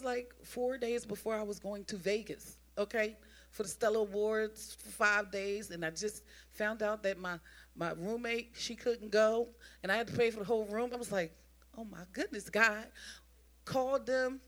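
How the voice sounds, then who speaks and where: A woman giving an informal sermon, telling a personal testimony in an animated way and talking straight to the congregation, often repeating and restarting her phrases. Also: mid-range voice, moderate pace. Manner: addresses the congregation directly.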